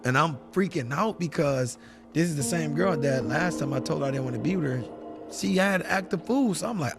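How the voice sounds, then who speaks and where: A man telling a dramatic personal story in casual talk, dropping low and hushed, then breaking into shouted quotes. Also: fairly quick, gravelly, over music. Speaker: guest telling his story.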